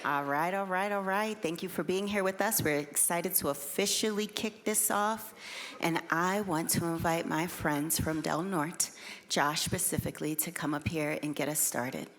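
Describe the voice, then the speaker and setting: A woman's voice: on the low side, moderate pace. A woman host opening a conference session and inviting the first speaker to the stage, in an upbeat, welcoming way. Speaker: event host. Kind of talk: welcoming emcee introduction.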